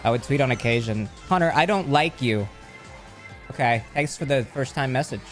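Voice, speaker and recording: Male streamer host, casual chat, medium pitch, jokey rambling reads of chat, faint music behind. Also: moderate pace. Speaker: livestreamer.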